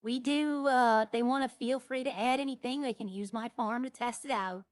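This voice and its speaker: A woman's voice: on the high side, normal speed, dry recording. A woman streamer chatting casually while she plays, rambling and thinking aloud. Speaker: roleplay game streamer. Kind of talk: casual gameplay chat.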